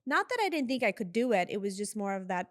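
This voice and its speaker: Lively storytelling woman, dry sound. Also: mid-range voice, fast, dry recording. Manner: animated storyteller, acts out quoted voices, laughs often. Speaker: guest, reality TV producer. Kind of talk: casual storytelling interview.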